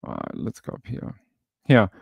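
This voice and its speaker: A man's voice: measured pace, dry recording, phone-quality sound. Chatty man hosting a livestream. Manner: chatty, thinks aloud while scrolling. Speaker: livestream host. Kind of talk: casual livestream chat.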